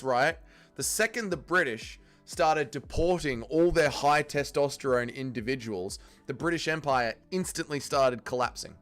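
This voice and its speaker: A man's voice: fairly high pitch, fairly bright tone. Crude joking male stream host. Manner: crude, joking, swears freely. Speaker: livestream host. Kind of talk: casual watch-along commentary, reading chat.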